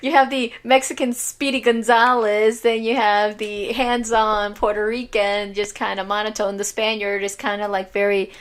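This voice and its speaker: A woman's voice: medium pitch, normal speed, hardly any pauses. A woman from Chicago co-hosting a casual chat, telling stories with lots of laughter. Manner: animated storyteller, laughs often. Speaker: podcast co-host.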